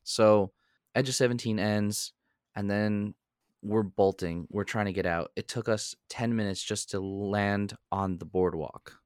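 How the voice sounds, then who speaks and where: A young man and podcast co-host telling a story in a casual, animated way. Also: measured pace, clean tone, no room sound, clean studio sound. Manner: animated storyteller, jumps into high voices when quoting.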